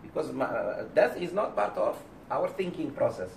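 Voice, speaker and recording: A man lecturing a class of women, his voice rising and falling in an animated way and slipping into the voices of the people he quotes. His pitch sits a little high for a man. He is recorded from across an echoey room, with a faint hiss behind him. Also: normal speed, gravelly. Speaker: Islamic teacher. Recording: roomy, distant mic, faint background.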